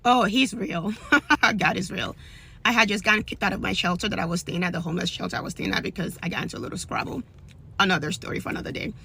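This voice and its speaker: A young woman with a bright, sharp voice and a breathy, husky edge tells a personal story. She speaks with animated emphasis and repeats lines for weight. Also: medium pitch, fast. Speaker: storyteller sharing a testimony. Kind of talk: casual personal testimony video.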